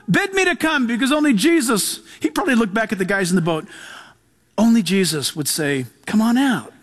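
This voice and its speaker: A man's voice: very high-pitched, a bit bright. A man preaching a sermon as pastor, reading scripture aloud and driving his points home with emphasis. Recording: long hall reverb.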